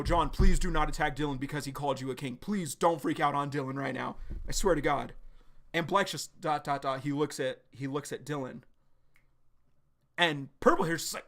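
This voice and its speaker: Hyped streamer guy reading a comic live, swears a lot, rambly, kinda high voice. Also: moderate pace. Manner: excitable, profane, rambling with many fillers.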